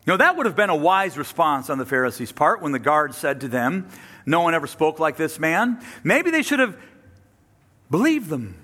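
A man preaching a sermon, acting out the people he quotes with sudden drops to a hush and rises to a loud, higher pitch. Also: sing-song, normal speed. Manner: acts out quoted speakers with dramatic pitch and volume swings. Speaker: pastor.

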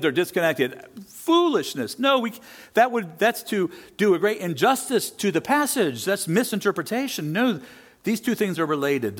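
Animated male preacher with rhetorical questions. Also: high voice. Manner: animated, rising and falling delivery. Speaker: pastor. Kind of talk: sermon.

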